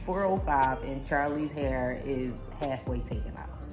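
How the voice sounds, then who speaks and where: A woman's voice: a bass voice, unhurried, over music. A young woman vlogging at home, venting in a casual, exasperated way to her viewers while upset and near tears. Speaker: vlogger, mother. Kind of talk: casual vlog talk to camera. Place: home, indoors.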